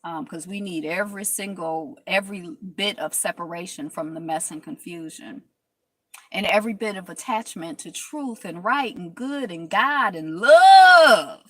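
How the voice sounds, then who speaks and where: A woman hosting a casual talk stream, telling stories in lively quoted voices and reading viewer comments aloud. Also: on the low side, moderate pace, no room sound. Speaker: host.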